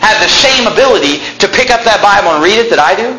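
A young man in his twenties preaching a sermon as a pastor, excited and emphatic, often yelling. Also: sits high, fast talker, few pauses, roomy sound, slight background noise, rough recording. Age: 20s.

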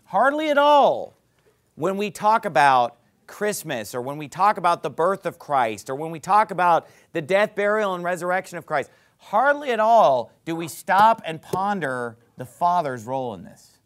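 Man, pastor, sermon, high-pitched, lively swooping delivery, emphatic, repetitive, reads scripture aloud. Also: moderate pace, few pauses. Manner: emphatic, repeats phrases, climbs to loud peaks; reads scripture aloud in King James wording.

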